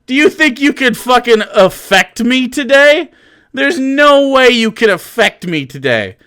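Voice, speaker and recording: A male livestreamer with a high, bright voice that swings widely in pitch. He talks in a loose, mocking way, swears freely and laughs often. His tone is clean and crisp. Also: big pitch swings, a little slow. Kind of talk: casual livestream chat.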